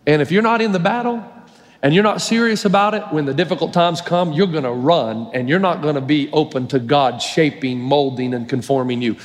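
A man delivers a sermon with a notably high voice, animated and storytelling. He acts out lines as he goes. A long reverb trails every phrase from the big church hall. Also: fairly quick. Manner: animated storytelling, acting out quotes. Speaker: pastor.

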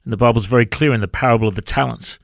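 A male radio host giving an earnest devotional talk and pressing the listener with questions. His mid-pitched voice has a gravelly fry to it. The recording is close and dry. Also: very fast, dry recording.

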